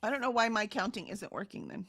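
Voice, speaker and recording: Female stream co-host, chatty, reads comments aloud; animated, bright delivery. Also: mid-range voice, fast, no echo, clean studio sound. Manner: reads chat comments aloud, chatty, laughs often, trails off. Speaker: livestream co-host reading chat. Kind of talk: casual livestream chat.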